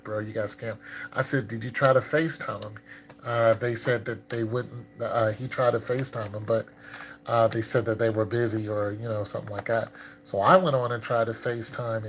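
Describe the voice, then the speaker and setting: A man on a livestream, casually commenting on scam messages and chatting with viewers in a loose, filler-heavy way. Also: mid-range voice. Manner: loose and conversational, lots of fillers; gets loud and excited chatting with viewers. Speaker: streamer.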